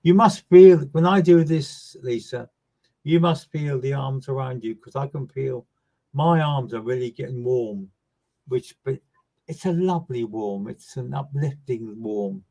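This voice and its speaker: A mid-pitched man reads for viewers as a medium on a live online session. His delivery is gentle and soothing, full of repetition, and his phrases often fade away quietly. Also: unhurried, gravelly, lo-fi sound. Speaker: psychic medium giving live readings.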